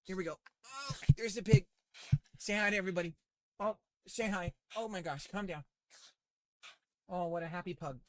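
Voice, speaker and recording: A man's voice: high voice, normal speed, pauses often, no room sound. A man chatting casually and playfully to his live-stream audience, rambling as he goes. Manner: rambling and playful, talking to chat while eating.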